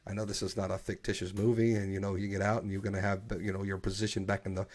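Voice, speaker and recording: A man hosting a casual live-streamed podcast chat, opinionated and animated, often restarting his sentences. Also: deep voice, fast talker, hardly any pauses. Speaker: podcast host.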